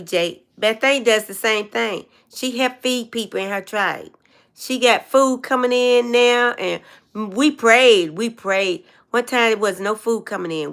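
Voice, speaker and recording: A woman's voice: medium pitch, fairly bright tone, clean tone. An older woman hosting a casual livestream chat, telling long meandering stories and greeting viewers. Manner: rambling, meandering storyteller. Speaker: livestream host.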